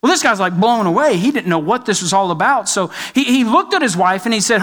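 A man's voice: high-pitched, expressive, brisk, hardly any pauses, fairly bright tone. A man preaching a sermon, telling a story with rising and falling emphasis. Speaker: pastor.

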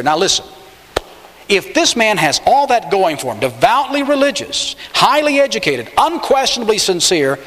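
A man preaching a sermon, stressing key words by jumping up in pitch and slowing down. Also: a bit bright. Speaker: pastor. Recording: long hall reverb.

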